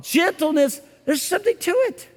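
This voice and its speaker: A man with a notably high voice preaches in a loose, conversational way, slipping into little acted-out quotes. His sermon rings with the long reverb of a big hall. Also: moderate pace. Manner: conversational and animated, acting out quotes. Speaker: pastor.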